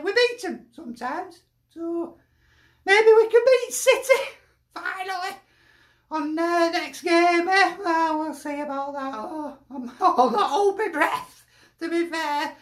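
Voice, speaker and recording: Lancashire woman, very high voice, slow and chatty, jokey football fan, echoey room. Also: bright, forceful tone. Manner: chatty, jokey, laughs often, broad dialect. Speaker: fan sending in a video reaction. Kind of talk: casual fan reaction chat.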